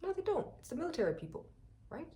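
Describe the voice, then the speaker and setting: A young woman from Rwanda, telling a personal story to her viewers in an animated, chatty way. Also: sits high, quick pace, slight background noise. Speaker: vlogger.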